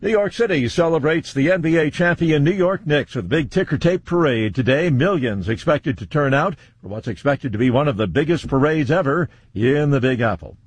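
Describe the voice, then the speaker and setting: A man anchoring a radio newscast, reading headlines in a brisk, clipped way. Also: a little high, lively intonation, slightly rough, dry recording. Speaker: news anchor.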